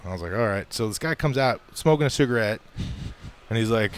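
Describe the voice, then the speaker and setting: An American man telling a long story as a radio show guest, animated and laughing often as he acts out the voices of people in it. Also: on the low side, a little fast. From United States. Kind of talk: casual storytelling.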